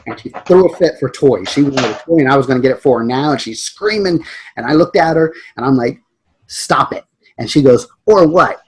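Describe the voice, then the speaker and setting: A man's voice: on the high side, slight background noise, low-quality recording. A middle-aged man, a podcast co-host, telling family stories in casual chat and chuckling often.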